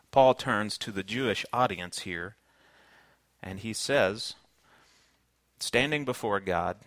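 A pastor from Kentucky, United States, speaks with a Southern accent in a fairly low, slightly bright voice, recorded with no echo. He preaches a sermon earnestly and conversationally, weaving in personal stories.

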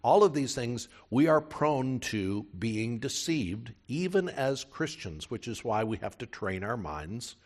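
A man's voice: mid-range voice, very animated, a little slow, few pauses. A man preaching a sermon as a pastor, speaking in a conversational way, addressing listeners directly with rhetorical questions.

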